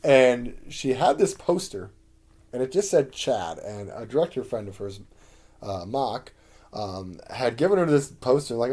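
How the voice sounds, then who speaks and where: A man's voice: mid-range voice, expressive, a little slow, a little mellow, breathy edge. A man casually recalling his sketch comedy shows, meandering and full of ums and uhs. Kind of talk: casual rambling recollection.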